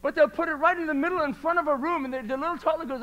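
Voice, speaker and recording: A man preaching a sermon at a church service, repeating lines passionately and swinging between quiet talk and loud declarations. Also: very high-pitched, steady tone, racing, dull audio.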